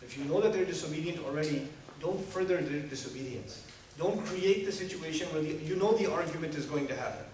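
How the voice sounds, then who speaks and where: A man with a fairly high voice gives a lively sermon, firing rhetorical questions and humorous asides at the crowd. He sounds distant from the mic, with heavy room echo and faint background noise. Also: brisk. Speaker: preacher. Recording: echoey hall from far off.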